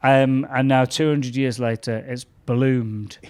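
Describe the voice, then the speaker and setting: A man's voice: mid-range voice, level tone, slow, a little mellow. A young man, a comedian guest chatting casually and telling stories with laughs. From England. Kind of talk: casual chat.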